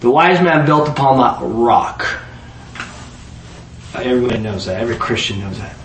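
A man preaching a sermon, telling stories and jokes, rising loud to drive points home, then dropping low. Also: normal speed, a little hiss or hum. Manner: lively storyteller, rises loud to preach then drops low. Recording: echoey room heard from a distance.

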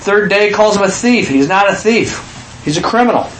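A man preaching a sermon in an animated way, acting out quotes with sudden shouts. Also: high voice, normal speed, reverberant, slight background noise.

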